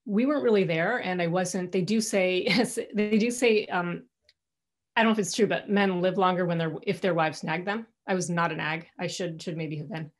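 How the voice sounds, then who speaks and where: A middle-aged woman speaks candidly to an alumni audience over a video call from her home. Her voice sits on the low side, and her talk is conversational, often breaking off and restarting mid-sentence. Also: brisk. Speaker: guest speaker.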